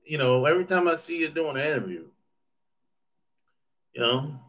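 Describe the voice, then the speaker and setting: A man's voice: fairly high pitch, lively intonation, normal speed, a bit bright. A man chatting casually on a livestream, joking, swearing freely and laughing often as he answers viewer comments. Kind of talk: casual chat.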